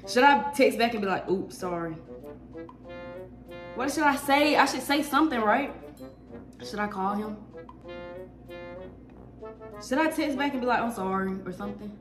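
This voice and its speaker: A teenage girl talking casually to camera in a slangy, excitable, nervous ramble. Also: a little high, moderate pace, long pauses. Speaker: vlogger. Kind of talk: casual vlog chat to camera. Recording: echoey room with music behind. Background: music.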